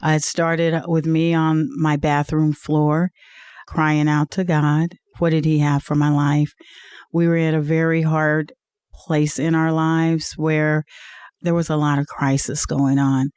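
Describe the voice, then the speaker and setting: A woman's voice: deep voice, flat delivery, measured pace, darkish tone, clean tone, no echo, clean studio sound. A woman guest in an interview, telling a personal story in an earnest, heartfelt way, with frequent "uh"s. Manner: earnest, heartfelt testimony with many "uh"s. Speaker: interview guest, league executive.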